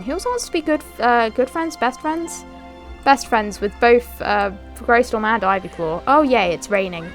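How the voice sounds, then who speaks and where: A young woman giving casual let's-play commentary, chatting and giggling as she talks to her game characters. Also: high voice. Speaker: gaming channel host.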